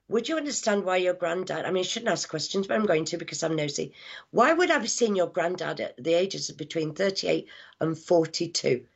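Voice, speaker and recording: Gravelly low woman giving a psychic reading. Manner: halting, many fillers, hushed asides; affectionate, calls people darling and my lovely. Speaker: psychic medium. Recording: dull lo-fi sound.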